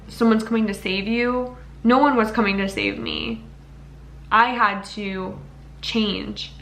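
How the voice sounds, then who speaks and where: A woman's voice: mid-range voice, vocal fry, pushed and bright, a little hiss or hum. A young woman vlogging to camera in an earnest, rambling, emotional way. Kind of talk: casual talking-to-camera vlog.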